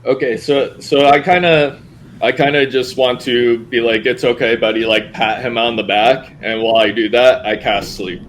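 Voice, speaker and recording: A man's voice: mid-range voice, fairly even intonation, moderate pace, slight background noise, poor audio. Playful man playing a tabletop game. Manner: joking, playful. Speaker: player.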